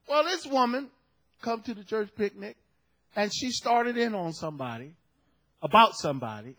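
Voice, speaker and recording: A man preaching a sermon, telling a story and building to loud shouted peaks. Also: high-pitched. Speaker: pastor.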